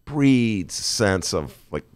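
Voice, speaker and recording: A man hosting a casual studio talk show, chatty and loose, laughing easily and jumping up in pitch when amused. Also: big pitch swings, takes it slowly, clear, resonant tone, no room sound.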